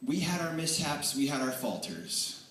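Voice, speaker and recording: A man giving a tribute speech at a banquet, telling energetic, animated stories that swing between excited and earnest. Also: fairly high pitch, moderate pace, slight background noise. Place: large banquet hall. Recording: echoey hall, voice from far off.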